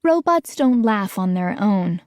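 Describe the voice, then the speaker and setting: A woman doing a calm, reasoning scientist mom. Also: medium pitch, unhurried, dry recording, clean studio sound. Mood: reassuring. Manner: patient, explaining.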